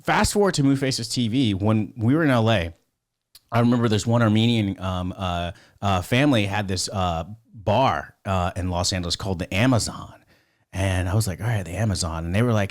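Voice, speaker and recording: A man's voice: on the low side, fairly quick. A man telling rambling stories as a podcast guest, swearing constantly in casual talk. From United States. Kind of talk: casual storytelling.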